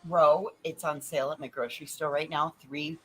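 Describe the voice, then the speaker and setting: A woman's voice: deep voice, steady tone, moderate pace, husky. A woman hosting a live online panel, brash and profane, hyping up the chat. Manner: brash, profane, theatrical hype. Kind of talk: casual livestream chat. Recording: faint background noise.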